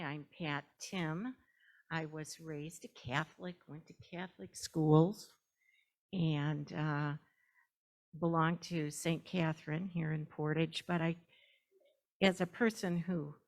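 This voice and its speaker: An older woman giving an unhurried, earnest testimony at a church service, with a gentle joke now and then. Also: low voice. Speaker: church newcomer. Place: church sanctuary.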